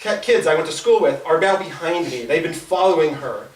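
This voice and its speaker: Stand-up storytelling from a young man at a small comedy club's open mic: his voice is a little high and expressive, and his delivery halts and stammers with many restarts. No microphone was used; the recording, made from across the room, sounds roomy and distant, with the audience laughing.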